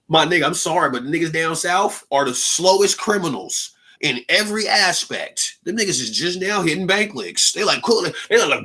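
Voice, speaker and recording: Speaking at a moderate pace, a young Pacific Northwest man from Seattle runs a livestream podcast in a casual, rambling monologue. His high, animated voice comes across pushed and bright, and his talk is jokey, slangy, and full of laughs.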